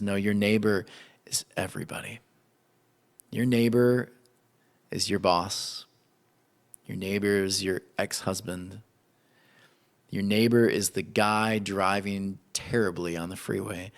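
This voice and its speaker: A man preaching a sermon in an animated, conversational way. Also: on the low side, measured pace, vocal fry, long pauses. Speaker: pastor.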